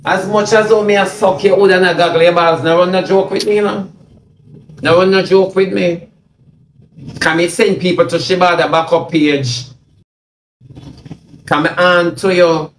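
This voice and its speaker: High-voiced Jamaican man ranting. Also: fairly even intonation, unhurried, long pauses. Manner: mocking, repetitive, confrontational. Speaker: livestreamer. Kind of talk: taunting livestream rant. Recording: echoey room, faint noise.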